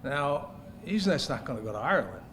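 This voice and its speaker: A man's voice: medium pitch, very animated, fairly quick, a bit bright, slight background noise. A man at a gala telling a jokey, teasing story about a friend's travels. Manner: jokey, teasing anecdote with laughs. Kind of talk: storytelling toast. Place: banquet hall at an evening gala.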